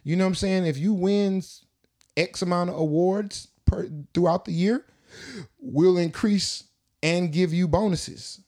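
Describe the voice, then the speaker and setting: A man co-hosting a podcast in casual chat, telling animated, slangy stories. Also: high-pitched, unhurried. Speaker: podcast co-host.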